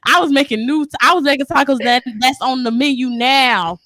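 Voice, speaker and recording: High-voiced woman telling lively stories. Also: fairly quick, no echo, clean studio sound. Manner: animated storyteller, acts out quotes, laughs often. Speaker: podcast co-host. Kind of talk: casual chat.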